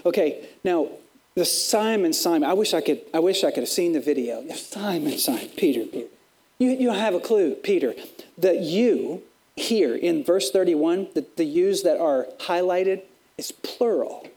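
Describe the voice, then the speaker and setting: A male pastor preaching a sermon in an animated way, often acting out the people he quotes and repeating words as he builds each point. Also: sits high, unhurried.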